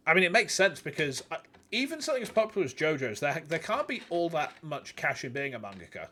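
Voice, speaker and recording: A man's voice: a little high, big pitch swings, fast talker, pushed and bright, slight background noise. A man in his thirties casually chatting and swearing while streaming a game. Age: 30s. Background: game music.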